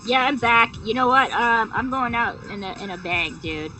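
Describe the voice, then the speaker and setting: A woman's voice: on the high side, lively intonation, moderate pace, bright, forceful tone. A woman streamer feeling sick with a sore throat, rambling and swearing with lots of fillers in casual live-stream chat. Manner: rambling, profane, many fillers. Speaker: game streamer. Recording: distant mic with music.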